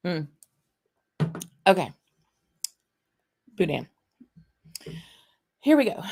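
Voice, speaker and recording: A woman with a South Louisiana accent hosts a whisky show in a relaxed, chatty way, full of fillers and easy laughs. She speaks slowly and her voice sits on the lower side. When she reads verse she stretches the words out with theatrical flair. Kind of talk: casual chat and dramatic poem reading.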